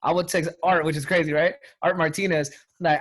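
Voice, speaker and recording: A man's voice: a little high, steady tone, brisk. A man coaching his sales team on a call, talking emphatically in casual slang. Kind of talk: motivational talk on a team call.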